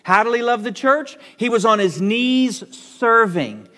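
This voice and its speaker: A man preaching a sermon as pastor, emphatic and animated, often repeating words for stress. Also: very high-pitched, a little slow. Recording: long church reverb.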